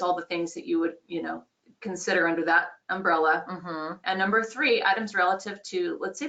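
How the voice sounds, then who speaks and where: A woman's voice: on the low side, bright, forceful tone. A woman sales trainer leading an online customer-care course, explaining in an upbeat, conversational way.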